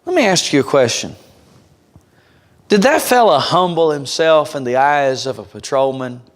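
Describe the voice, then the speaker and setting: In a reverberant church sanctuary, a revival preacher delivers a sermon in a fairly high, expressive male voice at a moderate pace. He is emphatic, tells stories, and speaks straight to the congregation.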